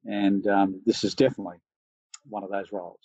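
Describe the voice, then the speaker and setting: A laid-back Australian man talks through his answers in a low voice, restarting and filling pauses as he goes. The sound is dry and a little dull, as on a lo-fi recording. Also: level tone, warm tone, slightly rough, no echo. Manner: easygoing, thinks aloud with many fillers and restarts. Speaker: interview guest, organisation chief executive. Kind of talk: relaxed conversational interview.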